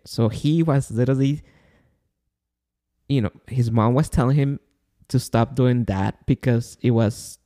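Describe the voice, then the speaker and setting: A man's voice: mid-range voice, a little slow, vocal fry, warm tone. A man co-hosting a podcast, talking bluntly about discipline and swearing freely. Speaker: podcast co-host. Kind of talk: casual podcast chat.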